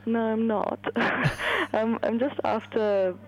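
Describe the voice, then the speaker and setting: A woman's voice: fairly high pitch, flat delivery, takes it slowly. Hesitant woman on a phone line. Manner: apologetic, hesitant. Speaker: accidental caller. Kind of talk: phone call on air. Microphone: telephone. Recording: muffled phone line with hiss.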